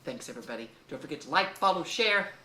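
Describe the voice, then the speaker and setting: Expressive middle-aged woman in an echoey room. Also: sits low, fast talker, slight background noise. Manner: expressive, emphatic, storytelling. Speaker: video host. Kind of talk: heartfelt advice talk to camera.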